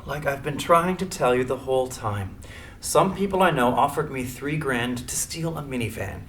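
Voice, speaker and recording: A man's voice: mid-range voice, lively intonation, normal speed, fairly bright tone, a little hiss or hum, close to an everyday voice. A man playing a young suspect, defensive and informal, in a screenplay reading.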